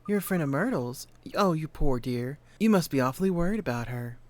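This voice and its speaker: A woman's voice: low-pitched, animated, fairly quick, dry recording. Gossipy old neighbor lady. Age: older. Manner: soft-spoken, fussy, gossiping. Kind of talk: video game voice acting.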